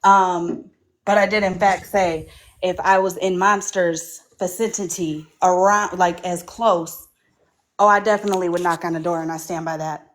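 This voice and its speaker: A woman's voice: lowish voice, steady tone, moderate pace. A woman guest on a livestream, talking firmly and defiantly. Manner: firm, defiant. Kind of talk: livestream chat.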